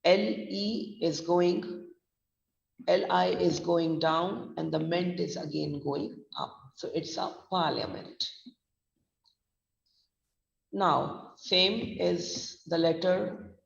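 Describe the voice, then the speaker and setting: A woman pronunciation trainer with an Indian English accent, teaching slowly and deliberately, spelling out letters and mixing in Hindi. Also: lowish voice, vocal fry. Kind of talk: recorded online lesson. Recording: echoey, distant, dull lo-fi sound.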